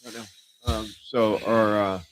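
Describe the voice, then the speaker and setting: A man's voice: fairly low pitch, little pitch movement, a little slow, noisy background. A man hosting a casual political livestream, rambling with lots of fillers and restarts. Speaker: livestream show host. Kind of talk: casual political talk show.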